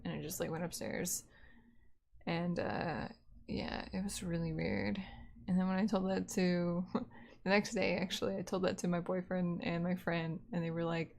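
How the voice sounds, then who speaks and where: Young woman streamer with a creaky, gravelly voice, rambling and profane, casual live storytelling. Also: fairly low pitch, flat delivery, normal speed, a little mellow. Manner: profane, rambling, filler-heavy.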